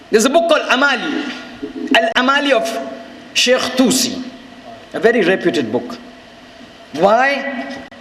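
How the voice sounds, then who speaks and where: A man preaching a sermon in an impassioned way, often rising to shouts and repeating his points for emphasis. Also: extremely high pitch, a little hiss or hum. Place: large hall with live audience. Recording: echoey hall recording.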